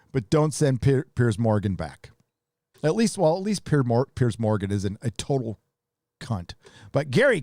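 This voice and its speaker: A man with a slightly high voice hosts a live stream in a casual, blunt way. He rants with plenty of swearing and reads out viewer donations. The sound is close and dry. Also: a little mellow, no echo. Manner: blunt, profane ranting.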